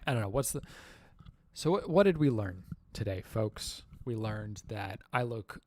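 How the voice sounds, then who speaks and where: A man hosting a casual livestream Q&A, rambling and halting through lots of fillers and self-mocking jokes. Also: fairly low pitch, animated. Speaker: livestream host.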